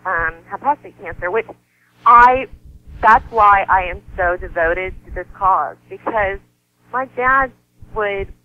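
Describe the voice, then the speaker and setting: A woman's voice: mid-range voice, slow, dry recording. Earnest woman in her thirties on a dull line. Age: 30s. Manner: earnest and heartfelt, laughs easily, voice softens when grieving. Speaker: guest, model and actress. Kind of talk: emotional personal interview talk.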